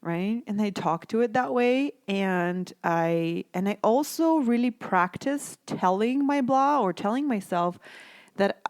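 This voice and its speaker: A woman talks through a self-help podcast episode in a casual, gentle way. She tends to check in with her listeners as she goes, asking "right?" again and again. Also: medium pitch, a little slow, smooth. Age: adult mom. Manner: gentle, conversational, frequent "right?". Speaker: podcast host.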